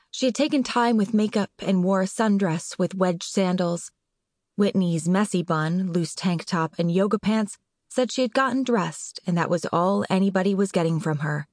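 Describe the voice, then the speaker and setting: A woman narrator reading an audiobook in a measured, clear way. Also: medium pitch, a little mellow, no echo, clean studio sound. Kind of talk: scripted narration.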